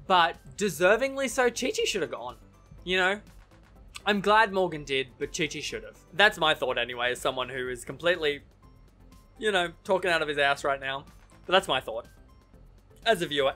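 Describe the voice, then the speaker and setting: A man casually giving his opinions in a TV recap vlog, chatty and animated, often correcting himself mid-sentence and laughing easily. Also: on the high side. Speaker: TV recap vlogger.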